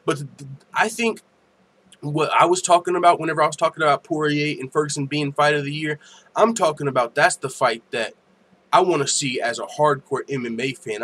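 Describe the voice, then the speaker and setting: A slightly high-voiced man chatting loosely on a home livestream, joking and swearing freely as he riffs on fight news. He reads viewer comments aloud and answers them in an easy, rambling way. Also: a bit bright. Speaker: MMA news livestream host. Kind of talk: casual profane livestream chat.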